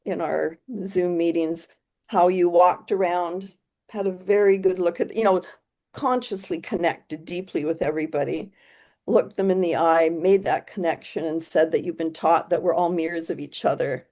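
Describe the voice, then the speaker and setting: A woman presenting on a video call, speaking softly and reflectively, often trailing off and restarting. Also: lowish voice, normal speed. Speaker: guest presenter. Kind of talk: casual video call chat.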